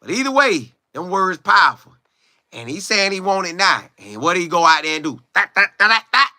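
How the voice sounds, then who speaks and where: Lively, bright-voiced man chatting with viewers. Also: high voice, a little fast, no echo, clean studio sound. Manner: animated, chatty, sings and riffs, reads viewer comments aloud. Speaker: sports commentary streamer. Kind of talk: casual live-stream chat.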